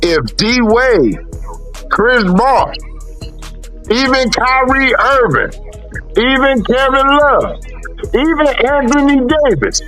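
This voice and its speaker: High-voiced, bright, animated man. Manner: loud, animated storytelling with mimicked shouts and profanity. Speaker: podcast co-host. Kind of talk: casual sports chat.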